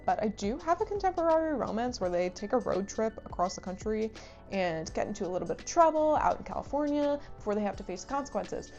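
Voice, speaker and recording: Young female vlog host, gushing and chatty, slightly high-pitched, lo-fi sound. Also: darkish tone. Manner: bubbly, gushing, rambling with "like" fillers. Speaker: book reviewer and channel host. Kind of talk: casual vlog chat.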